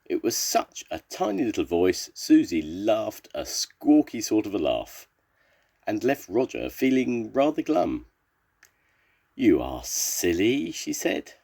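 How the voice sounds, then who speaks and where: An older man, a grandfather, reading a children's story aloud in a slow, expressive storybook way. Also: mid-range voice, creaky.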